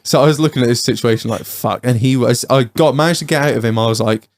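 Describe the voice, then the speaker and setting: A man's voice: mid-range voice, fast, noisy background. A man hosting a podcast in casual chat, telling stories with lots of swearing. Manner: sweary storytelling. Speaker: podcast host.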